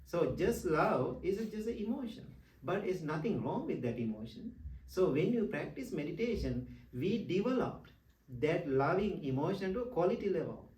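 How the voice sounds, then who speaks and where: A middle-aged Buddhist monk teaches in English, his second language, and the grammar slips now and then. He is lively and laughs easily as he tells stories. He sounds caught by a mic set well back in a reverberant hall. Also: high-pitched, moderate pace. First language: not English. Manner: animated, laughs often, broken English. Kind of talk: dharma talk with personal stories. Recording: roomy hall, distant mic.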